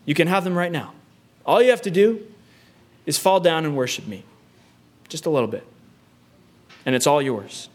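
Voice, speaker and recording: Brief: coaxing male devil as a preacher puts him on, tempting and persuasive, a touch high. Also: expressive, normal speed, long pauses.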